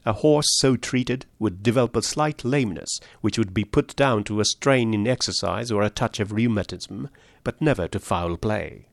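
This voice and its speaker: A man reading a story aloud, voicing a shrewd male detective who lays out his deductions in a measured, precise way. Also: on the low side, creaky, no room sound, clean studio sound. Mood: explaining.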